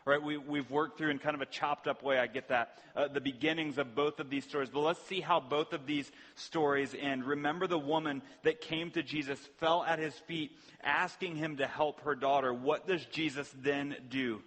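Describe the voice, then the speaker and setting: A man's voice: a little high, steady tone, moderate pace, hardly any pauses, fairly bright tone. Earnest male pastor in a reverberant hall. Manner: earnest, repeats words at restarts, asks rhetorical questions. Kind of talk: sermon. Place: church sanctuary.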